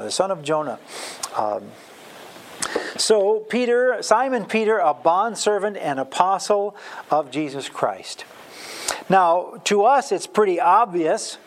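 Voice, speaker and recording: A man's voice: a little high, a little hiss or hum. A man from Wisconsin teaching a Bible lesson in a sermon style, emphatic and full of fillers and restarts.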